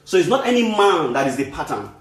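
A man's voice: high-pitched, very animated, quick pace. Earnest preacher man in an echoey room. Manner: earnest, repetitive, restarts phrases for emphasis. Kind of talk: sermon.

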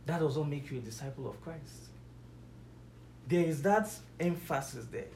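With a somewhat high, darkish voice at normal speed, a male preacher delivers conversational Bible teaching, leaning hard on key words with rising emphasis. He poses questions to listeners and pauses for answers. The room is echoey, with a little hiss or hum.

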